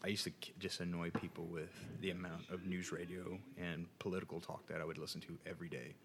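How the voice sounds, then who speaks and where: A man's voice: sits low, flat delivery, quick pace, background noise. A man in his thirties co-hosting a casual chat, sarcastic and rambling, with frequent swearing. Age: 30s. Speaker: podcast co-host.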